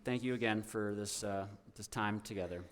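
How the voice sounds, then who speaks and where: A young man stands before a congregation and shares a personal testimony in a loose, rambling way, often circling back and restarting his sentences. His voice sits a little low, and his delivery is heartfelt rather than polished. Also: normal speed. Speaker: guest speaker at a church.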